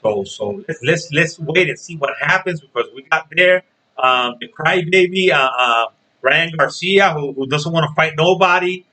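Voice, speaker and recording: On his own boxing vlog, a man chats casually and directly with his audience at a moderate pace. His slightly high voice comes across bright and sharp, and he drives points home emphatically by repeating phrases and asking "okay?". The recording is rough.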